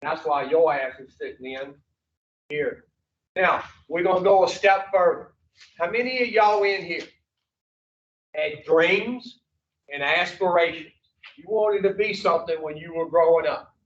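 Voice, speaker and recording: Man, high voice, blunt profane preaching, rhetorical questions, echoey room, distant mic. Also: a little slow, long pauses, a bit bright. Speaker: recovery speaker. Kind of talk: preaching talk to a group. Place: meeting room at an addiction recovery center. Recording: roomy, distant, muffled room recording.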